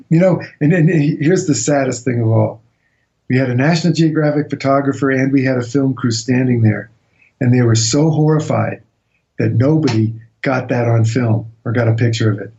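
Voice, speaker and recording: A man recounting an expedition as a radio interview guest, telling it as a lively anecdote and acting out what people said. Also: mid-range voice, moderate pace, dull audio. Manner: animated anecdotal storytelling, acts out quotes.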